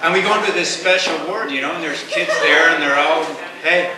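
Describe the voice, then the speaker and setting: A man's voice: on the high side, fast, background noise. A man giving a rowdy, profane after-dinner speech at a rugby club banquet, playfully scolding the crowd between jokes. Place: banquet hall. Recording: echoey hall from far off with crowd.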